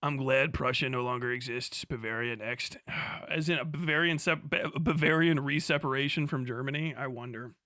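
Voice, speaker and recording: A man's voice: mid-range voice, normal speed, pushed and bright, dry recording, studio quality. A young man ranting casually and profanely to a live chat, laughing often and jumping from topic to topic. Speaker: livestreamer.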